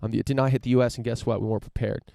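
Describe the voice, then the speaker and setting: A man's voice: medium pitch, steady tone, rapid-fire, vocal fry, warm tone, no echo, studio quality. A young man hosting a podcast, rambling through a casual profane rant with lots of restarts and fillers. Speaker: podcast host.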